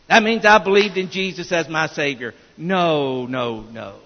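A male pastor with a high, gravelly voice preaches a sermon slowly and emphatically, restarting his lines again and again. The church recording sounds dull and echoey.

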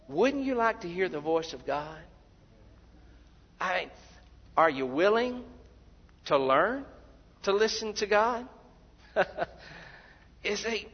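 A man preaching a sermon, who acts out the voices of the people he quotes and repeats words when he gets excited. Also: high-pitched. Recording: dull sound in a big reverberant hall.

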